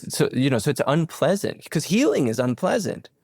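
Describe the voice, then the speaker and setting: Gravelly, rambling male podcast guest. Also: moderate pace, no room sound, clean studio sound. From Venezuela. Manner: rambling, with many restarts and stammered repeats; slips into animated quoted voices and sudden high pitch leaps. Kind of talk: reflective conversational storytelling.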